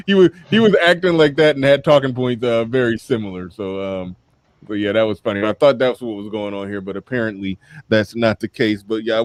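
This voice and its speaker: A man's voice: mid-range voice, dry recording. An American man hosting a livestream, chatting loosely and rambling, laughing often and repeating himself. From United States. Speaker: livestream host. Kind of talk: casual livestream chat.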